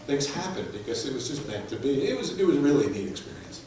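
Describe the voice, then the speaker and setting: A man shares stories of a mission trip with a lively, laughing delivery. He is recorded from far off in a big echoey church hall, with faint room noise behind him. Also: medium pitch, quick pace. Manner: animated anecdotes with laughter. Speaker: mission team member. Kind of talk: storytelling at a church presentation.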